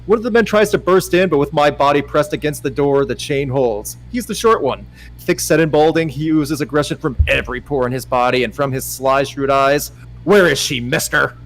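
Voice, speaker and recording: A man as guest reader on a livestream, giving a mock-dramatic, teasing reading and loudly urging the host on. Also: fairly high pitch, fairly quick, poor audio. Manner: teasing, theatrical, swings to loud urging.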